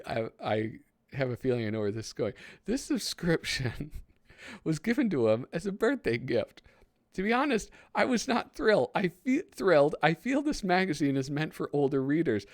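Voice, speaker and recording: A man's voice: on the high side, no room sound, studio quality, pitched above the performer's own voice. A man putting on a whiny crying voice as an upset parent reading out a complaint letter.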